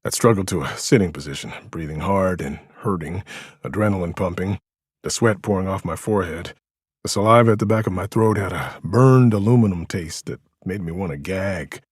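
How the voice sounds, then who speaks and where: A man's voice: deep voice, moderate pace, breathy edge, no echo, studio quality. A man narrating a first-person thriller audiobook in a tense, dramatic manner.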